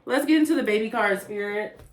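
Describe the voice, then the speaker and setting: A woman giving a casual tarot reading to camera, chatty and animated, with blunt, profane asides. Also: on the high side, fairly quick, echoey room, slight background noise. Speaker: tarot reader.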